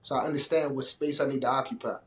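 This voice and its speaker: A man co-hosting a casual talk show, telling a story in a relaxed, conversational way. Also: medium pitch, fast, reverberant. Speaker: podcast co-host.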